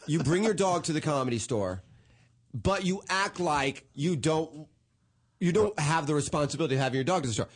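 A man's voice: a little high, brisk, husky. Man telling a crude story. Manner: animated storytelling, crude humor. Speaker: comedian podcast host. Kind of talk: casual podcast chat.

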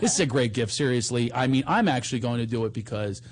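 A man's voice: medium pitch, animated, fast talker. A middle-aged man with a Philadelphia accent hosting a casual talk show, joking his way through ad reads. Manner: playful, joking, self-mocking. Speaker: podcast host.

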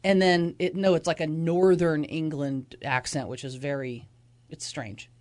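A man co-hosting a radio show, chatting in casual morning-show banter and chiming in with animated reactions. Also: a little high. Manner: animated, quick to laugh and chime in.

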